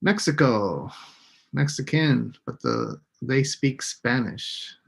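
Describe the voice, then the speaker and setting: A man teaching an English lesson on a live stream, slowly repeating each word for his students. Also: medium pitch, big pitch swings, gravelly, a bit bright, breathy edge. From United States. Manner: slow, deliberate, repeats words for students.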